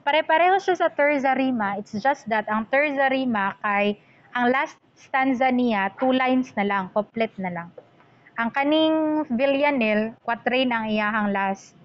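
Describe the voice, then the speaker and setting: A woman's voice: a little high, dull audio. A woman teacher giving an online lecture, explaining terms and switching between English and Cebuano.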